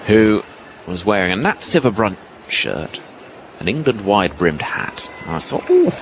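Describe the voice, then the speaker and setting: A man giving ball-by-ball cricket commentary from a ground's commentary box, lively and rising with each delivery. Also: on the low side, normal speed. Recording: broadcast with loud ground noise behind.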